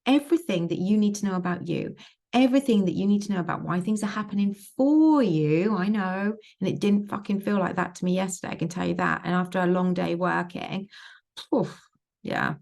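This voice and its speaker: Female manifestation coach, low gravelly voice, emphatic and repetitive, casual vlog delivery. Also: fairly quick, a little mellow. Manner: emphatic, repeats phrases, swears freely.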